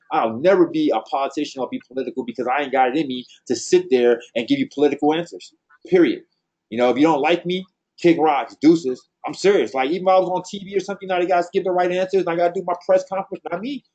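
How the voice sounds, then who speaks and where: A man with a slightly high, husky voice talks fast and bluntly to his team, full of slang and conviction. The recording sounds dull and lo-fi. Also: darkish tone. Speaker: team trainer. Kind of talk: motivational team talk.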